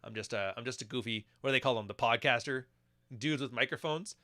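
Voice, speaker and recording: A man's voice: mid-range voice, fast, sharp tone. A man hosting a podcast, giving crude, joking commentary on video clips and laughing often. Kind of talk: casual reaction commentary.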